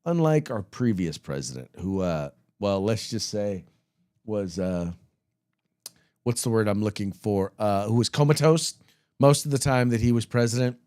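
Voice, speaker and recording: A man's voice: on the low side, animated, a little mellow, clear, resonant tone, no room sound, studio quality. Chatty male political talk host. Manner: chatty and digressive, searching for words; brisk sponsor reads. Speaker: podcast host. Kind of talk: casual political commentary.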